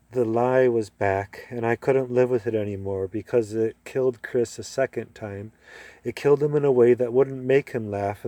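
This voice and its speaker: Man, story reader, expressive, mellow, dry close sound. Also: medium pitch, no echo. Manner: expressive, acts out dialogue. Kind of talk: reading a short story aloud.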